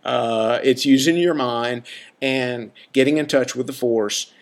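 A man's voice: mid-range voice, unhurried, lightly acted. A man quoting a tiny ancient Jedi master in a patient, amused tone, barely changing his voice. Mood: wise, amused.

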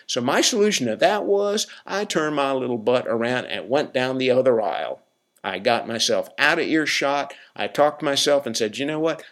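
A male podcast host talking off the cuff at an ordinary middle pitch. He rambles through fillers and asides, then turns blunt and wry. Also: a bit bright. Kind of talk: casual advice monologue.

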